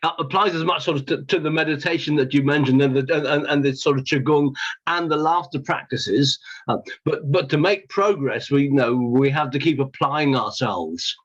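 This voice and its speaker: A man's voice: fairly high pitch, moderate pace, a bit bright. Hesitant man on a dull, lo-fi line. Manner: hesitant, many fillers and restarts, clears throat. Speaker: podcast host. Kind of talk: casual interview. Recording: dull lo-fi sound.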